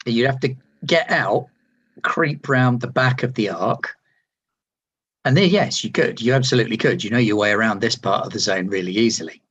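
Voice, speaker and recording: A man with a husky, slightly breathy voice runs a tabletop game as game master. He describes each scene patiently and reassures his players as they act. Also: mid-range voice, moderate pace, a bit bright.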